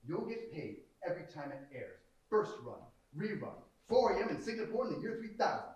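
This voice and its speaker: A young actor on stage playing a slick, fast-talking male Hollywood producer with a glib, salesy manner, heard from far off in an echoey theater. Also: high-pitched, very animated, darkish tone, muffled recording. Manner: glib, salesy, wheedling and brash. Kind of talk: stage play. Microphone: far room mic.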